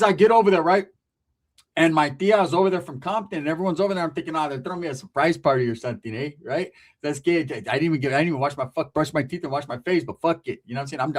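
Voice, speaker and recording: Profane, high-voiced storyteller. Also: male voice. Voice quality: profane, slangy, animated. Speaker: comedic storyteller, channel host. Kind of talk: casual comedic storytelling.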